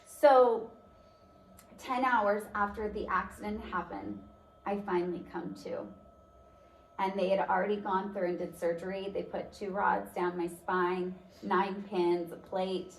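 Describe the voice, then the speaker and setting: A woman's voice: medium pitch, steady tone, unhurried. Woman telling her story in a roomy hall. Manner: conversational, frequent "like" fillers. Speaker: speaker. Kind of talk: personal story in a motivational talk. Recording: roomy, distant mic, faint noise.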